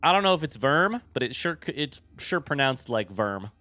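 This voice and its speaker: A man giving live commentary on a video game, reacting loudly and talking to chat. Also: on the high side, lively intonation, moderate pace, no room sound. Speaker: streamer playing a video game.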